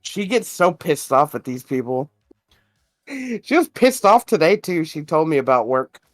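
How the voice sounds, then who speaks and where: A man's voice: a little high, big pitch swings, unhurried, soft background music. A man co-hosting a podcast in casual chat, telling long rambling stories with lots of swearing and fillers. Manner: rambling, profane storytelling full of fillers. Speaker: podcast co-host.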